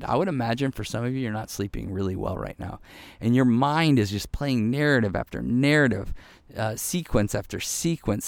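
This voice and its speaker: A man's voice: mid-range voice, vocal fry, dry recording. Earnest man preaching a devotional. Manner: earnest, repeats phrases for emphasis, drops to a hushed voice for quoted prayer. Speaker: pastor. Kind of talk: devotional sermon.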